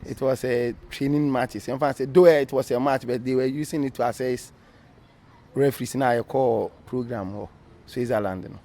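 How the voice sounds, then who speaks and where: A man's voice: mid-range voice, fairly even intonation, moderate pace, mellow. A Ghanaian man, a former referee, being interviewed, telling his story animatedly in a casual mix of English and Twi.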